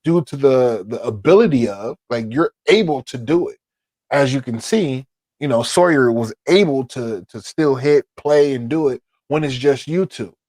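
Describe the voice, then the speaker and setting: A man co-hosting a podcast, offering advice slowly and thoughtfully with many fillers. His voice sits in a middle pitch, and the recording is dry and close. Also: animated, a little mellow, no room sound. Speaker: podcast co-host, father. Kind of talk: casual chat, giving advice.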